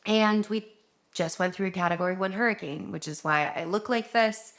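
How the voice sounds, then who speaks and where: A woman's voice: medium pitch, moderate pace. A woman, a doctor, talking openly in a personal vlog from her home, rambling and emotional, tired and close to tears. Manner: open, rambling and emotional, many fillers. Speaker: doctor and vlogger.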